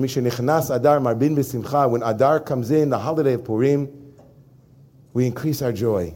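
A man who is a rabbi, delivering an animated sermon and speaking directly to his congregation. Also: mid-range voice. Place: synagogue before a congregation.

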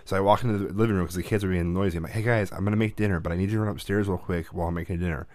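A man in his thirties, a father who co-hosts a podcast, tells a family story in casual chat, his deep voice coming out rapid-fire. He's an animated storyteller who acts out the quotes, and the recording has no echo.

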